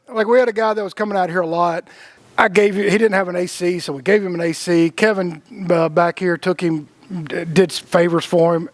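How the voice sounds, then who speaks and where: High-voiced man rambling with laughs. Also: no echo. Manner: rambling, repeats words, laughs often; acts out quoted voices. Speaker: podcast co-host. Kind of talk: casual spiritual chat.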